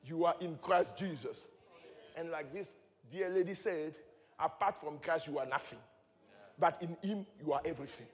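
A man preaching a sermon, moving between quiet teaching and shouted praise, often chuckling as he speaks. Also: on the high side, moderate pace. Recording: long hall reverb.

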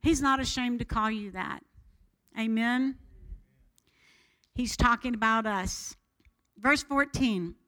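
A woman pastor preaching a sermon, animated and expressive, shifting her voice loud and soft as she teaches. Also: fairly high pitch, slow pace, pauses often, poor audio.

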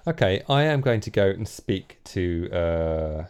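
A man taking part in a tabletop role-playing game, thinking aloud and restarting his sentences while he plans. His voice is low and mellow, relaxed rather than sharp. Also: unhurried, clean tone. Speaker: player. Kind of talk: casual tabletop play.

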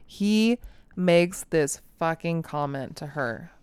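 A woman casually recapping a movie plot in animated detail, swearing freely and acting out the characters' lines. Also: sits low, slow pace, clean tone, no room sound. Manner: animated storytelling, frequent swearing, acts out quotes. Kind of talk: casual chat.

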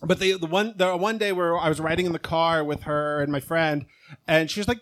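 Guy on a podcast rambling thru a story, lotsa ums, kinda high voice. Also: little pitch movement, fairly bright tone. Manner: rambling, halting storyteller with many fillers. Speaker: guest. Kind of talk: casual podcast chat.

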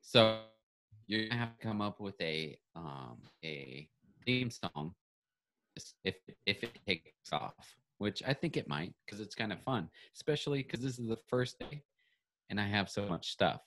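A man's voice: fairly low pitch, expressive, moderate pace, fairly bright tone, slight background noise. A man co-hosting a podcast over a video call, bantering in a playful, teasing way. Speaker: podcast co-host.

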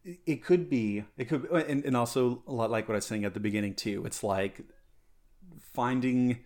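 A man's voice: mid-range voice, moderate pace, darkish tone. Male podcast co-host, loose rambling storyteller who slips into character voices. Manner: rambling, frequent restarts, voices characters in the joke. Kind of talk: casual chat, telling a joke.

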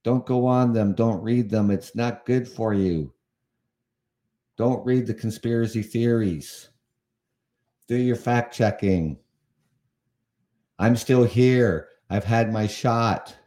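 A man's voice: fairly low pitch, takes it slowly, mellow. A man in his fifties from Canada, hosting a casual live podcast, often chuckling and sounding exasperated, rambling with restarts. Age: 50s. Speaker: podcast host. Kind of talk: casual live-show talk.

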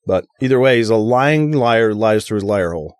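A man's voice: lowish voice, lively intonation, moderate pace, darkish tone, no echo. A man co-hosting a casual podcast, reading news items aloud and mocking them sarcastically. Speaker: podcast co-host.

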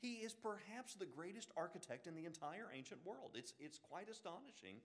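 A man with an Alabama Southern accent giving a classroom lecture on the Bible, animated, with joking asides and frequent restarts. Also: sits high, brisk. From Birmingham, Alabama.

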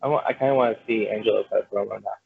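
Husky man teasing over a tinny line. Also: lowish voice, racing. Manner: teasing, needling. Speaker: podcast guest, wrestler. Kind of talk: casual podcast chat. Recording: tinny phone-like call audio.

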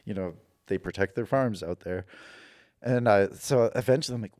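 A man's voice: lowish voice, fairly quick. A man from Canada telling a personal story on a podcast in a casual, profane way, acting out the dialogue. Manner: profane, animated, acts out quoted dialogue. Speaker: podcast guest recounting a personal experience.

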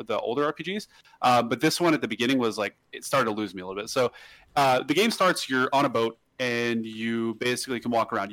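A man talking quickly on a podcast, his words tumbling out in a rapid, loose ramble full of restarts. The sound is close and dry, with no room echo at all. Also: mid-range voice, a bit bright. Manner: rambling, with many restarts and fillers. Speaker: podcast host. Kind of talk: casual podcast chat.

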